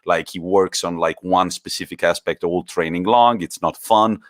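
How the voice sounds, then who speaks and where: A man co-hosting a casual football podcast, animated and swearing freely as he retells stories. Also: deep voice, moderate pace, dry recording, studio quality. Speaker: podcast co-host.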